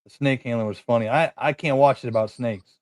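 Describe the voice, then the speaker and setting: A man co-hosts a casual podcast chat in a mid-range voice that runs a little fast, with no echo. He rambles through stories and swears constantly.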